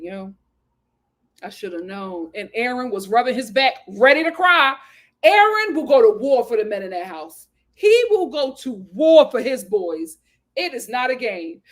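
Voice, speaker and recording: A woman hosting a casual recap chat, reading viewer comments aloud, animated and exclamatory with frequent laughter. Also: high-pitched. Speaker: host of a reality TV recap channel.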